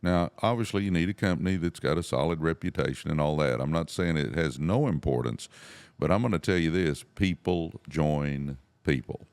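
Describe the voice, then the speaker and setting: Deep gravelly man, easygoing chat. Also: normal speed, a little mellow, dry recording. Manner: easygoing, laughs often. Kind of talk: casual chat. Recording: dry close mic.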